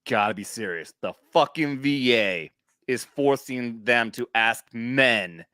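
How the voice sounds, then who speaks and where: A man's voice: medium pitch, slow, clear, resonant tone, no echo. Man, casual podcast chat, profane, rambling, mid voice, dry sound. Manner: rambling, swears often, animated retelling. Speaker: podcast co-host, military veteran. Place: central Missouri.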